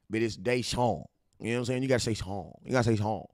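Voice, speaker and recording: A man from California hosting a casual fan-show livestream, hyped and slangy as he shouts out his viewers. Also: fairly low pitch, fast, dry recording, clean studio sound. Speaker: livestream host.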